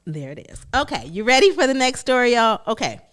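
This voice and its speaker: A woman hosting a podcast, telling family stories in a chatty, animated way and acting out quotes from her relatives. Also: a little high, a little fast. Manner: animated, laughing storyteller who acts out family quotes. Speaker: podcast host. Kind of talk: personal storytelling monologue.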